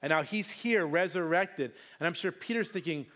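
Man, preacher, sermon, casual retelling, slangy asides, slightly higher voice. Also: lively intonation, moderate pace, fairly bright tone. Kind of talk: sermon reading and explaining scripture.

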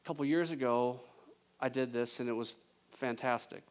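A man preaching a sermon as pastor, conversational and joking, with emphatic swings between loud intensity and a hushed delivery. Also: medium pitch, moderate pace, clear, resonant tone. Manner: conversational with jokes and laughter.

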